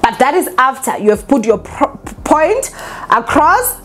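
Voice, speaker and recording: Woman, vlogger, lively swooping pitch, fairly high voice, opinionated chat. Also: measured pace. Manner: animated, opinionated, laughs often. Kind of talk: casual commentary vlog.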